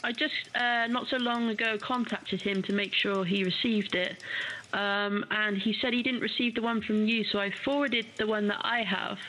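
A British woman co-hosting a radio talk show, chatting warmly and calling her co-host darling. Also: mid-range voice, steady tone, moderate pace, slight background noise, rough recording. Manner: chatty, warm-hearted, says darling. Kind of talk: casual talk radio chat.

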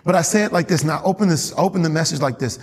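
A man's voice: fairly high pitch, very fast. A man preaching a fervent, emphatic sermon as pastor, reading scripture aloud to his church. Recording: long reverb in a church hall.

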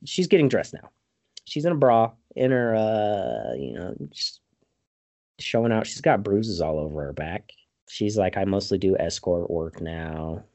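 A man's voice: lowish voice, sing-song, unhurried, darkish tone. A man hosting a podcast, recapping a film in casual, profane chat and acting out the characters' lines. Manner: swears freely, acts out characters' lines.

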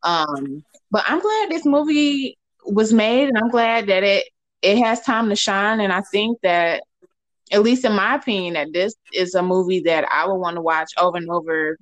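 A woman's voice: medium pitch, normal speed, dry recording. Chatty woman podcast host, dry sound. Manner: chatty, repeats phrases for emphasis. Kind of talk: casual podcast chat.

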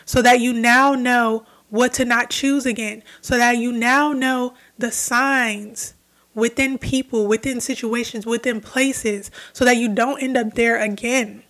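A woman's voice: a little high, fairly even intonation, a little slow, a bit bright. A young adult woman talking alone on her spiritual podcast, earnest and reflective, repeating phrases for emphasis. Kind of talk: solo spiritual podcast talk.

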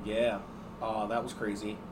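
A man co-hosting a podcast, trading deadpan, profane jokes in casual banter. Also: lowish voice, measured pace. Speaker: podcast co-host. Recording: background noise.

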